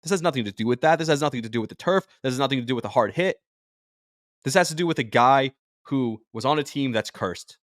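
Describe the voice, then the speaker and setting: A man hosting a sports podcast in an emotional, rambling way, jumping from thought to thought. He sounds drained. His voice sits at a middling pitch and is recorded dry and close, with no room sound. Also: lively intonation, fast talker, no room sound. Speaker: podcast host and sports radio personality.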